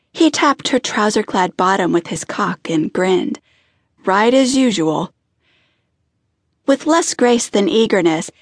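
Husky woman narrating romance audiobook. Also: mid-range voice, no room sound, studio quality. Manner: expressive, intimate reading. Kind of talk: scripted narration.

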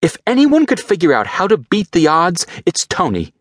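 A man reading an audiobook, voicing an angry, determined young woman executive in a sharp, bitter tone. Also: high voice, wildly swooping pitch, normal speed, no echo, studio quality, voice pushed up, heavily acted.

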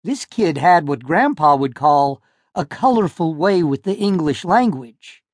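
Expressive male audiobook narrator. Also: on the high side, unhurried, no room sound, studio quality. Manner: expressive storytelling. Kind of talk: scripted narration. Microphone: close studio mic.

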